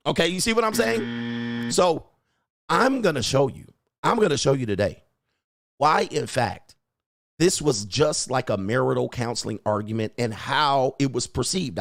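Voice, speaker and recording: A man's voice: medium pitch, no echo, clean studio sound. Ranting man hosting a commentary show. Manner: animated, ranting, acts out quoted voices, curses. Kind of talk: opinionated commentary monologue.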